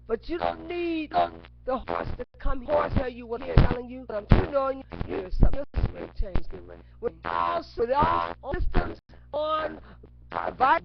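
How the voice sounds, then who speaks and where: High, lively preaching woman on a webcam. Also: unhurried. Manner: repetitive, chanting words over and over; bursts into shouts. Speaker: webcam speaker. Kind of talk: impassioned preaching monologue. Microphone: webcam mic. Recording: dull lo-fi webcam audio with clear noise.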